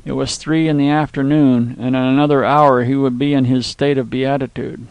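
Male narrator, gravelly, measured classic-story reading, dry booth sound. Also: medium pitch, flat delivery, a little mellow, dry recording.

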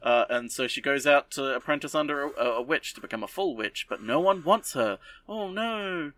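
A man's voice: fairly high pitch, animated, moderate pace, sharp tone, no echo, recorded from a distance. Brief: male podcast host, casual, sarcastic, rambling recap. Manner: rambling, sarcastic, lots of fillers.

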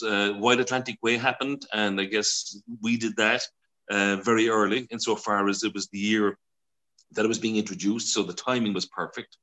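An Irish man in his sixties, a broadcaster telling stories as an interview guest, chatty and quick to laugh, acting out voices as he goes. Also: on the low side, pushed and bright. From Ireland. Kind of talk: casual storytelling interview.

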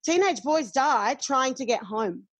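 Aussie woman talking frankly, high voice, swears a lot, dry close sound. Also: expressive, unhurried, dry recording. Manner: candid, swears freely, laughs often. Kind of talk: casual chat.

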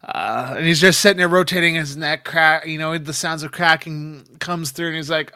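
Bright, eager young-sounding male player. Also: fairly high pitch, fairly even intonation, moderate pace, hardly any pauses, clean tone, dry recording, studio quality. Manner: eager, playful. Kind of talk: casual tabletop play.

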